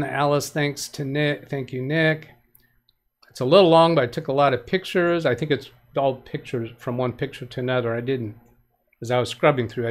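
A man hosting a live tech help stream. He reads viewer comments aloud in a rambling way, corrects himself often, and gives plain practical advice. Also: mid-range voice. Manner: rambling, with frequent self-corrections and restarts.

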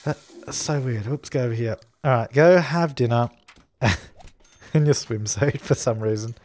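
A man's voice: mid-range voice, a little slow, darkish tone. Chatty man narrating his gameplay. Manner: chatty, talks to his characters as he plays. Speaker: let's play host. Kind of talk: casual gameplay commentary.

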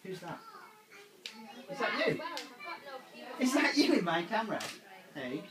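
A woman's voice: medium pitch, sing-song, a little slow, a crowd in the background. A woman coaxing a small child through a photo shoot in playful, sing-song baby talk. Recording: echoey room, mic far off.

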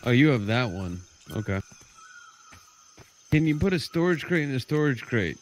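A man's voice: mid-range voice, sing-song, moderate pace, a little hiss or hum. A man streaming a game, chatting casually with a teammate and laughing easily. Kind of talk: casual gaming chat.

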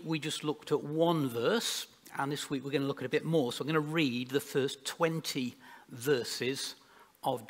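A man preaching a sermon in a church, reading scripture aloud in a measured way with pauses. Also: fairly high pitch, fairly bright tone. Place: church hall. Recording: long church hall reverb.

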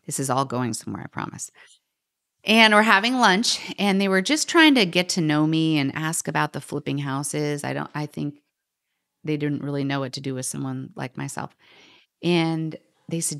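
A middle-aged woman telling a personal story as a podcast guest, animated, quoting others and sometimes dropping to a whisper. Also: deep voice, moderate pace. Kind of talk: storytelling in conversation.

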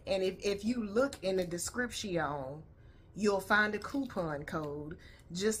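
A woman's voice: mid-range voice, takes it slowly, slight background noise. A woman vlogger chatting casually to her viewers, blunt and profane, tired and her voice a little worn. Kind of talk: casual reaction video chat. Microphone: headphones on.

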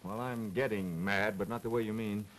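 An actor playing a persistent detective with a blunt, defiant manner, in a 1930s film. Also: male voice, lowish voice, fairly even intonation, moderate pace, slight background noise, lightly acted, low-quality recording. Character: brash American male detective, persistent.

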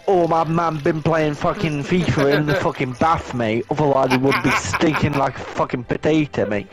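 A man's voice: a little high, low-quality recording. Sweary young man ranting. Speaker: gaming vlogger. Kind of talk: casual chat while playing a video game.

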